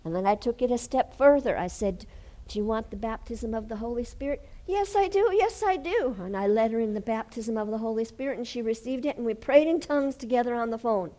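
A woman preaching a sermon and telling a healing story, dropping to hushed whispers and then rising to loud, fervent exclamations. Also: on the high side, fast, low-quality recording. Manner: storytelling with acted quotes.

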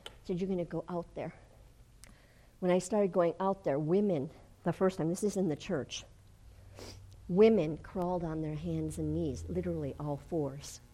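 An older woman preaching a testimony sermon in a fervent way, rising to loud declarations. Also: lowish voice, steady tone, normal speed. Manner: fervent, rises to shouting when retelling.

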